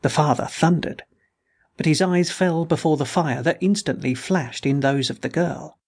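A man narrating a classic science fiction audiobook in a measured storytelling manner. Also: a little high, breathy edge. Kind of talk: scripted narration.

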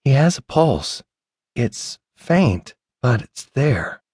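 A male narrator voicing a calm, practical woman of thirty-two, raising his voice for her. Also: fairly high pitch, brisk, dry recording, studio quality, pitched above the performer's own voice.

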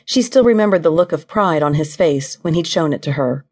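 A woman reading a novel aloud as audiobook narrator, in an even, measured storytelling way. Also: deep voice, husky.

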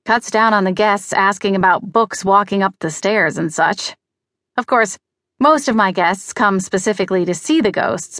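A woman's voice: medium pitch, a bit bright, dry recording, clean studio sound. A woman reading a mystery audiobook in first person, with a wry, conversational delivery. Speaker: audiobook narrator. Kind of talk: first-person scripted narration.

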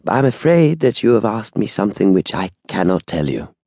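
A man's voice: on the low side, sing-song, moderate pace, creaky, mellow, breathy edge, no room sound, voice pushed up, exaggerated voice. A man voicing a courteous old shopman. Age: older. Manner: courteous, deferential, formal. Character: courteous, deferential old white-haired male shop assistant.

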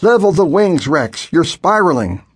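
Casting note: man playing a desperate pilot on the radio, husky, high and urgent. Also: big pitch swings, normal speed. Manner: urgent, pleading radio instructions. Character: tense adult male pilot talking down a plane.

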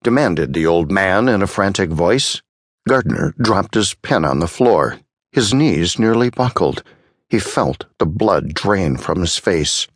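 A man narrating a short story in a measured, dramatic storytelling manner. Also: sits low, expressive, no room sound, clean studio sound. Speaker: audiobook narrator. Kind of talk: scripted narration.

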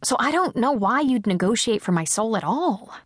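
A woman voicing a sardonic, self-mocking teenage girl who talks quickly and chattily. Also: a little high, lively intonation, slightly rough, dry recording, clean studio sound. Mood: chatty.

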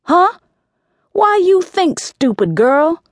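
A woman's voice: medium pitch, lively intonation, takes it slowly, no echo, studio quality. A woman voicing a tough, brash middle-aged aunt who barks bluntly and curses. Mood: scolding. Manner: barking, blunt, cursing.

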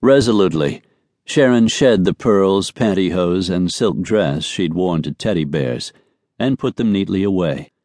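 A man narrating a romance audiobook in an even, measured way. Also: deep voice, dry recording. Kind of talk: scripted narration. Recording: dry studio recording.

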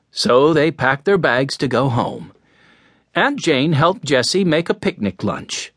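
A man narrating a children's audiobook in an expressive storytelling manner. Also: medium pitch, takes it slowly, no echo.

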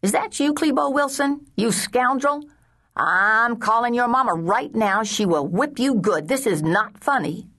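A woman voicing a cranky answering-service lady with a high, nasal, scolding voice. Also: expressive, unhurried, fairly bright tone, exaggerated voice. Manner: scolding, suspicious.

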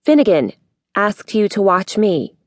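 A woman's voice: medium pitch, sing-song, a little slow, dry recording, clean studio sound. A woman voicing an angry young princess. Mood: tense. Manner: urgent, rising to near shouting.

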